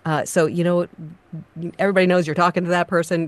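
A woman's voice: low-pitched, steady tone, a little fast, dry recording. Woman coach critiquing a voiceover read, direct, lots of ums. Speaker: voice-over coach giving feedback. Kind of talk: casual critique.

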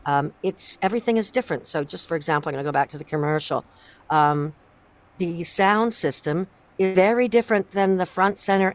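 A coach giving measured, instructive feedback on a voice-over read. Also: medium pitch. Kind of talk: casual critique.

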